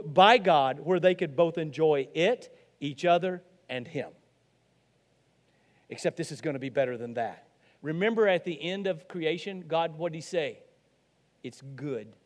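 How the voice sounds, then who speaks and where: Pastor guy from arkansas, kinda high voice, talks earnest and chatty, lots of restarts, big echoey hall. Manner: earnest and conversational, with many restarts and rising emphasis on key lines. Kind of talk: sermon.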